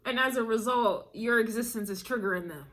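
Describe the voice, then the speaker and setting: Speaking a little fast in a fairly high, fairly bright voice, a tarot and astrology reader delivers a relaxed spiritual reading. She leans hard on her points, says things more than once, laughs lightly now and then, and keeps calling the listener baby.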